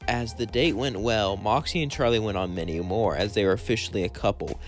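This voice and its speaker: A man's voice: lowish voice, a little fast, faint music behind. Rambling man telling a fan story. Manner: rambling, hesitant with "well" and "as then". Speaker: narrator. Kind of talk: casual fan-fiction storytelling.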